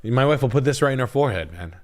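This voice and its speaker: A man hosting a live stream, rambling in crude, joking talk that comes out in quick bursts. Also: medium pitch, expressive. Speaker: livestream host, realtor.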